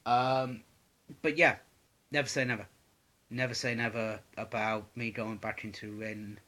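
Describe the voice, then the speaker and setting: A man's voice: lowish voice, flat delivery, normal speed, sharp tone. A young man answering viewer questions in a casual vlog, rambling and swearing with lots of "um"s. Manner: rambling, sweary, many fillers.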